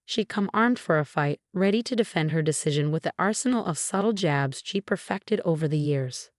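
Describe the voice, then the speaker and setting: A young adult woman tells a first-person story in a calm, intense, scripted narration. Her voice sits low for a woman. The sound is dry and close, with no room around it. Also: moderate pace, dry recording.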